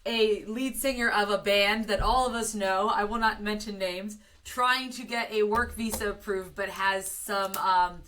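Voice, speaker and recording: A woman's voice: medium pitch, fairly even intonation, a little slow, few pauses, fairly bright tone, rough recording. An American woman co-hosting a podcast in casual chat, eager and full of filler words. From United States. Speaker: podcast co-host.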